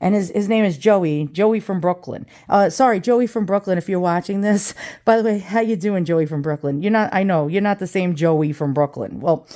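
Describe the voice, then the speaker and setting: A woman's voice: on the low side, dark tone. Blunt, profane middle-aged New woman. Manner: blunt, profane, rambling, quick asides. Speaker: vlogger. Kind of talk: profane ranting vlog chat.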